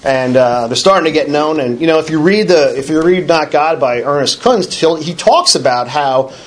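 Fairly high-voiced middle-aged man telling his story. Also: lively intonation, moderate pace. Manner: conversational storytelling with frequent restarts; wry self-deprecating humor. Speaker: recovery meeting speaker. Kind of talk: personal recovery talk.

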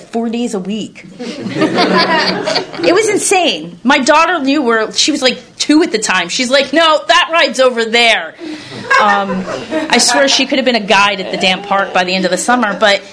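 Blunt, rambling woman telling her story. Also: medium pitch. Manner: blunt, rambling, casually profane; animated storyteller. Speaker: recovery speaker sharing her story. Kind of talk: candid personal testimony.

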